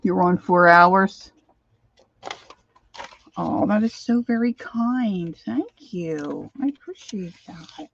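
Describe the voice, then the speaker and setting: A woman's voice: lowish voice, animated, slow, gravelly, dull audio. An older woman hosting a crafting livestream, chatting casually and greeting viewers by name as she works.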